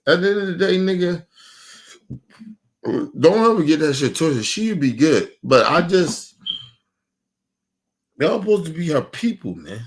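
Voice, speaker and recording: On a stream, a man vents in a charged, foul-mouthed tirade. He circles back with angry questions again and again before his voice drops to quiet mumbles.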